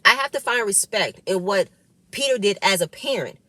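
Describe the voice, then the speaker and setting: A woman's voice: medium pitch, lively intonation, moderate pace, bright, forceful tone, no room sound. Emphatic woman recapping, dry sound. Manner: emphatic, repeats words for stress. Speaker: reality show cast member recapping an episode. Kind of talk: casual recap chat.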